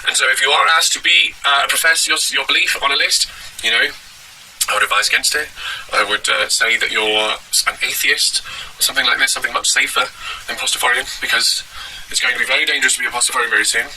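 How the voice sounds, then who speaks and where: Rambling deadpan guy at home, bright sharp voice, mic sits far off w/ faint hiss. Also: medium pitch. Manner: rambling, halting, many fillers. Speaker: comedic vlogger in character. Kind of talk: deadpan satirical monologue.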